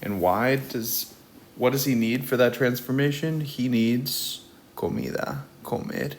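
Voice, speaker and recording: Slow, patient male language teacher. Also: medium pitch, slight background noise. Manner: slow and patient, switching between reading and explaining. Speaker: Spanish teacher. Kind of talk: reading a storybook aloud and explaining in English.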